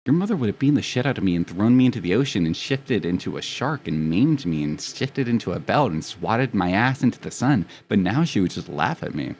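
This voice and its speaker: Young man rambling on a stream, low voice. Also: very animated, a little fast, hardly any pauses, a little mellow, slight background noise. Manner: rambling, profane, self-mocking storytelling. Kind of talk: casual chat with a live stream audience.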